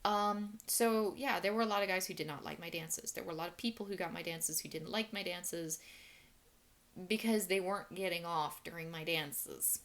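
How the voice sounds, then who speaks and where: A woman's voice: fairly low pitch, moderate pace, fairly bright tone. A woman casually telling stories from her past work in a frank, wry, matter-of-fact way, chatty and full of restarts. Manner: chatty with many fillers and restarts. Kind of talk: casual monologue storytelling.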